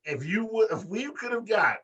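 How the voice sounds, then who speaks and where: Animated, profane man on a wrestling podcast. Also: moderate pace, slightly rough, distant mic, lo-fi sound. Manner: animated, profane, acts out quotes in high voices. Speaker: podcast co-host. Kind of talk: casual wrestling podcast chat.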